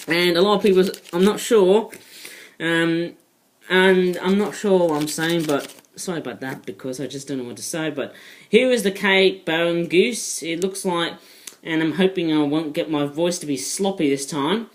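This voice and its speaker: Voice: mid-range voice, normal speed, a little hiss or hum, low-quality recording. Rambling British toy reviewer. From United Kingdom. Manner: rambling, digressive, with frequent asides. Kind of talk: casual vlog review.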